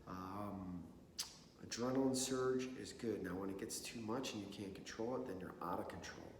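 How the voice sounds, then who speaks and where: A man's voice: on the low side, moderate pace, darkish tone, a little hiss or hum. A man giving a conversational talk to an audience on mental preparedness, often checking in with "okay?" and "right?". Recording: echoey hall with long reverb.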